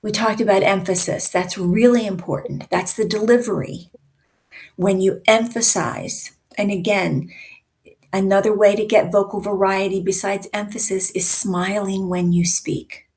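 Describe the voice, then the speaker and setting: A woman in her sixties hosting and coaching, teaching in a conversational way with deliberate pauses. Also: mid-range voice, steady tone, darkish tone. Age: 60s. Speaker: host and speaking coach.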